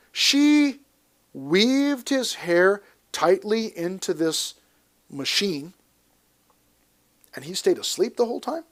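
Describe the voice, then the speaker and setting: High-voiced man preaching a lively sermon. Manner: animated, emphatic, with playful asides and restarts. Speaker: pastor. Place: church service before a congregation.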